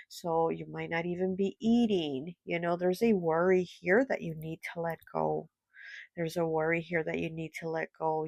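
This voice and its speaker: A woman with a low, gravelly voice gives a casual tarot reading straight into a close, dry mic. She rambles and circles back on her points, padding her talk with "like" and "you know". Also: no room sound. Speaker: tarot reader.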